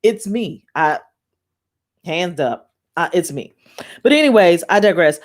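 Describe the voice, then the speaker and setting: A woman, hosting a spiritual talk show from her home on camera, talking in a chatty, excitable way and often laughing. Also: lowish voice, unhurried. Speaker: spiritual podcast host. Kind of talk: casual chat, reading aloud and teaching.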